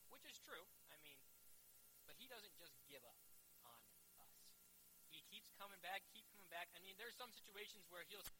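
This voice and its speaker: A man's voice: high-pitched, sharp tone, a little hiss or hum, rough recording. A young man teaching a casual Bible lesson, playful and sarcastic, acting out the characters as he goes.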